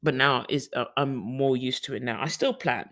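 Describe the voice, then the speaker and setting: A man's voice: mid-range voice, moderate pace, sharp tone. Chatty young man rambling in a vlog. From United Kingdom. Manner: chatty, rambling, frequent restarts and fillers. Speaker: vlogger. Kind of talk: casual personal vlog.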